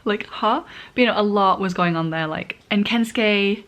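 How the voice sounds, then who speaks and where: A woman's voice: mid-range voice, moderate pace, a bit bright. A young woman reacting to a manga in a casual, heated, rambling way, with frequent swearing. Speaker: manga vlogger.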